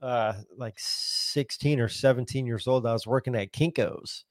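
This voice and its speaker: A man's voice: mid-range voice, steady tone, normal speed, no room sound. Brief: easygoing male co-host, laid-back anecdotes, dry close mic. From Southern California. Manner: laid-back storytelling, filler-heavy, swears casually. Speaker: podcast co-host. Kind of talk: casual chat.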